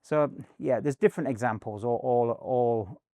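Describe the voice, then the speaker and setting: Brief: middle-aged man, chatty and rambling, mid-pitched, dry close sound, interview guest. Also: normal speed, dry recording. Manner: rambling, many fillers and restarts, animated anecdotes. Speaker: guest, performance coach. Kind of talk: casual interview storytelling.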